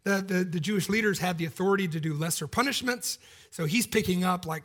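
A man's voice: a little high, fast, fairly bright tone. A man preaching a sermon in a casual, joking, conversational way.

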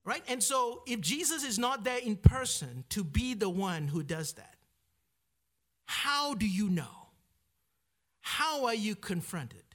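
High-voiced preacher checking in with listeners. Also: male voice, sing-song, takes it slowly, a bit bright. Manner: keeps asking "right?" to the listeners; repeats words while searching for phrasing. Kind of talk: sermon.

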